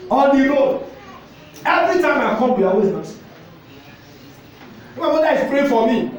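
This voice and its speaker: Nigerian man, pastor, high-pitched, exhorting and repetitive, echoey distant hall sound. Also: animated, moderate pace. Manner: exhorting, switches into pidgin, repeats phrases. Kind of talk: sermon. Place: church hall. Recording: echoey church hall, mic at a distance, faint ambience.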